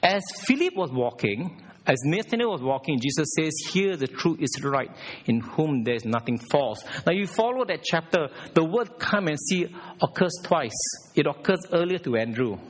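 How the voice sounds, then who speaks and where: A man preaching a sermon at a church service, emphatic and animated, putting direct questions to the congregation. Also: on the high side, moderate pace.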